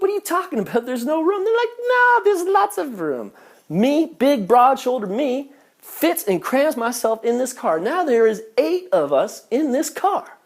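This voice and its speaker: A man telling a comic travel story in a vlog, swearing often and sounding exasperated at his own punchlines. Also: sits high. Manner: profane, exasperated, animated punchlines. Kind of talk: comedic storytelling.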